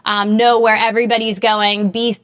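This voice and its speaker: Woman, thirties, bright tense tone, chatty, candid, casual podcast guest. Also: medium pitch, flat delivery, normal speed, clean tone. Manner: chatty, candid, self-deprecating with laughs. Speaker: guest, strength training gym owner. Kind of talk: casual conversation.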